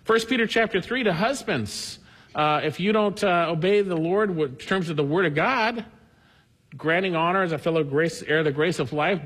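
A man's voice: high-pitched, a bit bright, breathy edge, long reverb tail. A man preaching a sermon, earnestly reading scripture aloud with emphasis. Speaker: pastor.

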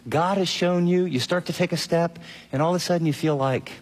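A middle-aged male pastor preaching an animated sermon, acting out quotes in shifting voices. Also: on the high side, fairly quick, in a large hall. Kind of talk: radio sermon.

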